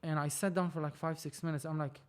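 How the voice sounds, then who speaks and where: A man, a film producer and podcast guest, telling a story in animated casual talk, acting out dialogue and swearing freely. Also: on the high side, rapid-fire, smooth. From Lebanon.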